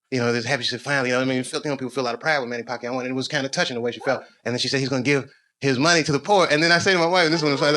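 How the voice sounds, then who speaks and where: A man performing a stand-up comedy routine for a live audience, animated and excitable. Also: medium pitch, very fast. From United States. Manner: animated, swings into loud excited bursts.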